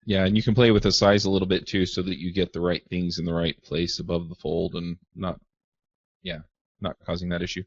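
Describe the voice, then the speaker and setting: A man co-hosting a podcast, giving calm, measured suggestions in casual chat. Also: sits low, husky, dry recording. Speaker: podcast co-host. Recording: dry dull lo-fi audio.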